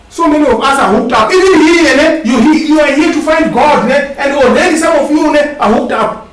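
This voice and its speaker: Male preacher, very high voice, call-and-response sermon, questioning tags on his lines; far from the mic in a very echoey hall. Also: a little fast. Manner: asks the congregation to finish his sentences. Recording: echoey hall, distant mic, faint hiss.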